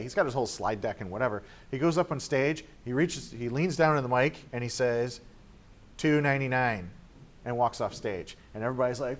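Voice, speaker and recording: A man's voice: medium pitch, normal speed. Chatty man lecturing a class. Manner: chatty, filler-heavy, acts out quoted reactions. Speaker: teacher.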